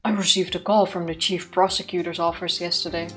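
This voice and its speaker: Woman, let's play co-host. Teasing, quick to laugh, faint music behind. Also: lowish voice, little pitch movement. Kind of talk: casual gameplay banter.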